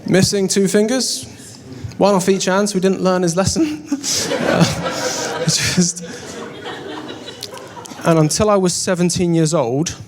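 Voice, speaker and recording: A man's voice: sits high, a little slow, crowd noise. A young English man doing stand-up, telling a story on stage in a wry, self-deprecating way. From England. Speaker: stand-up comedian. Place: on stage before a live audience.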